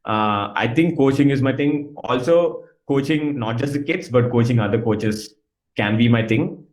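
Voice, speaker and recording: A man's voice: mid-range voice, moderate pace, recorded from a distance. Laughing man, off-mic in a roomy space. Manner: laughs often, hesitant with many fillers. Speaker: podcast guest, football coach. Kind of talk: casual interview.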